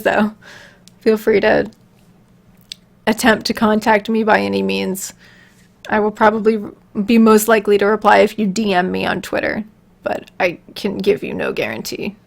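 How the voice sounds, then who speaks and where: A woman's voice: mid-range voice, normal speed, vocal fry. A woman on a casual livestream, answering viewer questions in a rambling, giggly, self-deprecating way.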